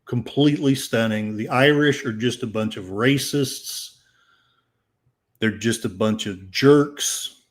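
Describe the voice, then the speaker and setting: Older male podcast host, sarcastic, rambling delivery, mid pitch. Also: slow pace. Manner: sarcastic, rambling, with frequent fillers. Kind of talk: casual commentary reading headlines.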